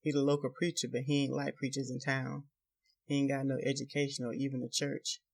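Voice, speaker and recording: A man's voice: medium pitch, level tone, brisk, natural voice. A man voicing a frightened young country wife. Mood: breathless. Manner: pleading, soft rural dialect.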